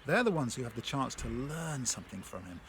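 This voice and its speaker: A man giving a reflective devotional talk. He reads a prayer aloud and then puts gentle questions to the listener, moving between hushed phrases and stronger ones. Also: medium pitch, very animated, a little fast, a little hiss or hum. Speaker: speaker sharing a faith story.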